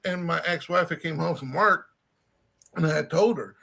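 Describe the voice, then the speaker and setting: Southern man, gravelly voice pitched a bit high, rambling anecdotal storyteller in casual chat. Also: moderate pace, pushed and bright. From Louisiana.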